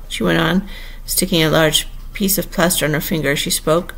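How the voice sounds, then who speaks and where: A woman narrating a classic children's storybook in a steady, measured reading voice. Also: deep voice, gravelly. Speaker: audiobook reader.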